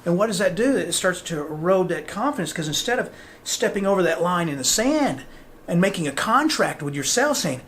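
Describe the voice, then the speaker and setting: A podcast host with a high male voice gives a motivational talk, speaking a little fast and animatedly acting out the voices he quotes. There is slight background noise.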